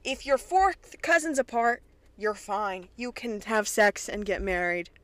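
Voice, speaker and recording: A young woman from Kentucky hosting a podcast, recapping a TV episode in an excitable, chatty way with plenty of swearing. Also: mid-range voice, unhurried, dry recording. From Kentucky, USA. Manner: chatty, profane, excitable retelling. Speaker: podcast host.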